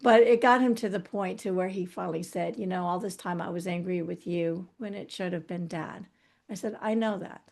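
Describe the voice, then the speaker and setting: A woman's voice: lowish voice, vocal fry, darkish tone. A middle-aged woman as an interview guest, talking candidly and reflectively about her past, often restarting her sentences. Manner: earnest, reflective, halting with restarts. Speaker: guest author.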